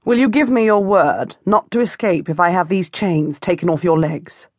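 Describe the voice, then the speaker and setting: A woman's voice: fairly low pitch, normal speed, no room sound, clean studio sound, close to an everyday voice. A woman voicing an elderly noble great-aunt in an audiobook, firm and authoritative. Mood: commanding. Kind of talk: audiobook character voice.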